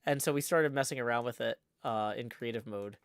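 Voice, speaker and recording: A man's voice: mid-range voice, fairly quick, vocal fry, smooth, dry recording, clean studio sound. A man chatting casually on a livestream, rambling and playful with lots of restarts. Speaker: livestreaming gamer.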